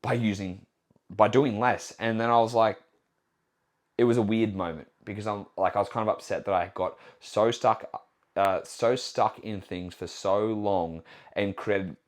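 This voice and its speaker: A man, speaking in a slightly low register. He runs his podcast as a one-man casual chat and talks in a blunt, profane way. He keeps firing questions at himself and answering them. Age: 20s. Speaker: nutrition coach and podcast host. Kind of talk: casual solo podcast monologue.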